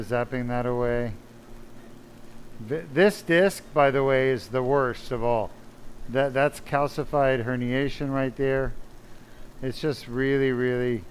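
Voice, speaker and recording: A male surgeon talks through a live operation, chatty and a little self-deprecating, with a voice of average pitch. Faint room noise hangs behind him in the operating room. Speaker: spine surgeon. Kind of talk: live narrated surgery stream.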